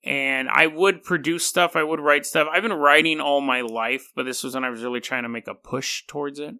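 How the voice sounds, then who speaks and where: Bright, animated podcast host rambling. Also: male voice, fairly high pitch, moderate pace. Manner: animated, rambling, laughing storyteller. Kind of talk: casual podcast monologue.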